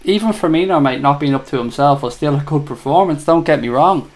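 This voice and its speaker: Chatty Irish man hosting a livestream. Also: a little high. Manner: chatty, teasing, fast banter. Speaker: livestream host. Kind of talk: casual live chat reading viewer comments.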